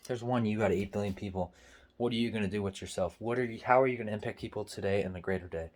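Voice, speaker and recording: A man's voice: fairly low pitch, very fast, low-quality recording. A young man giving a casual, earnest motivational talk to camera, rambling and preachy as he reads out quotes. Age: young adult. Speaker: motivational vlogger.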